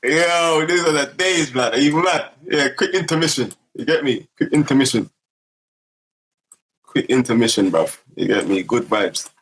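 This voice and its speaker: A man's voice: mid-range voice, animated, moderate pace, fairly bright tone, rough recording. A young man with a London accent, chatting casually as a livestream host and rambling in heavy street slang. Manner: rambling, heavy street slang, keeps asking "you get me".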